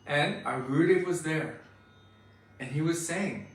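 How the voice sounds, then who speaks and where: A man's voice: on the high side, normal speed. A man giving an earnest, emphatic devotional lecture as a spiritual teacher. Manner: earnest, emphatic, forceful preaching. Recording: very echoey room, mic far off.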